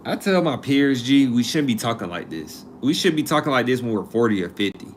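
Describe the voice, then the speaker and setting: A man's voice: mid-range voice, animated, fairly quick, a little hiss or hum. A man in his twenties hosting a casual live stream, chatting and joking as he reads comments and looks up college costs. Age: 20s. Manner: chatty, joking, talks to chat readers.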